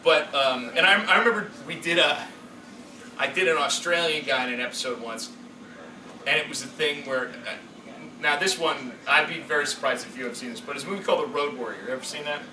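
A man who directs and performs voices, telling stories at a convention panel in a rambling, animated way. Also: a little high, a little fast. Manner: animated, rambling storytelling with frequent fillers. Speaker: voice director and voice actor. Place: convention hall. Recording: echoey hall from far off, noisy.

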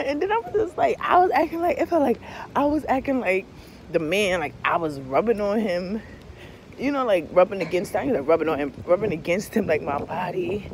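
Young woman, candid vlog storyteller, swears and laughs, voice swings high to low, faint traffic outside. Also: animated, moderate pace. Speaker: vlogger. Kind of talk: candid casual storytelling to camera.

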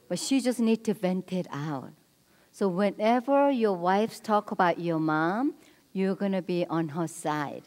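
A woman teaches a church marriage seminar in a direct, coaxing way, firing off short prompts at her listeners. Her voice sits at an ordinary middle pitch. It carries a long reverb off the walls of a large hall. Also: lively intonation, measured pace, darkish tone.

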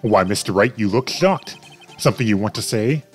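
A man voicing a smug, arrogant male prosecutor in a game playthrough, smooth and condescending. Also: fairly low pitch, animated, normal speed, soft background music, natural voice. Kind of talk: let's play voice acting.

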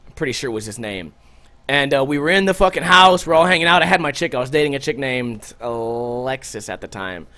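A man hosting a podcast, telling a story in a loose, profane, animated way and loudly acting out what people said. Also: mid-range voice, brisk. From Las Vegas. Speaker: podcast host. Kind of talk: casual storytelling monologue.

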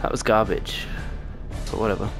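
A man hosting a gaming video, joking and trash-talking with excitable outbursts. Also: fairly low pitch, moderate pace, creaky. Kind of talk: let's-play commentary. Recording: game music playing behind.

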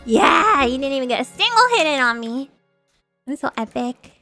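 A woman's voice: sits high, big pitch swings, moderate pace, bright, forceful tone. A young woman streaming a video game, chatting casually and giggling as she reacts to what happens on screen. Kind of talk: casual gameplay commentary. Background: game music.

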